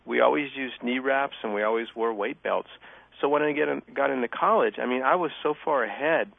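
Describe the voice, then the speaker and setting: Gravelly middle-aged man on a phone line. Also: mid-range voice, brisk, no room sound. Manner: animated storyteller acting out quoted exchanges. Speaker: guest, former athlete. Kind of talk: casual interview storytelling. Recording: dry, phone-like narrow sound.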